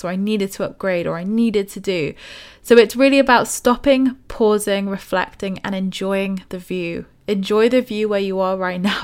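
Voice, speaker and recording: A young woman giving a casual motivational talk on spirituality, chatty and enthusiastic. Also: medium pitch. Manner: chatty, enthusiastic, acts out quoted voices. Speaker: spiritual author and podcast host.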